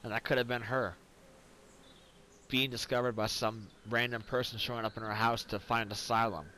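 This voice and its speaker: A man's voice: medium pitch, level tone, moderate pace, sharp tone, slight background noise, poor audio. A tipsy man, rambling and swearing through casual game commentary after some whiskey. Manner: rambling and profane. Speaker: gaming commentator.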